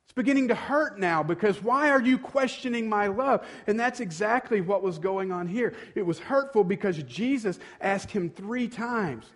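A male pastor giving a sermon in a conversational tone, acting out quoted dialogue and building to moments of emphasis. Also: sits high.

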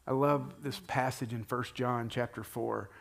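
A man who is a pastor, talking earnestly in a conversational, sermon-like way and slowing down to stress key phrases. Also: mid-range voice, steady tone, gravelly. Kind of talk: conversational sermon-style talk.

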